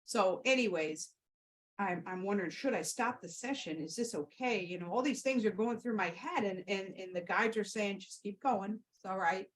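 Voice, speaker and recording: A woman's voice: medium pitch, moderate pace, rough recording. Rambling, heartfelt woman podcaster. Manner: rambling and heartfelt, with many fillers and restarts. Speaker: Reiki practitioner and podcast host. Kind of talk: casual storytelling and Q&A.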